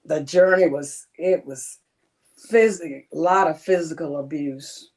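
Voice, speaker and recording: A woman speaking as an interview guest, telling her story in a halting way with many pauses. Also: low-pitched, darkish tone. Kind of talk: personal interview testimony.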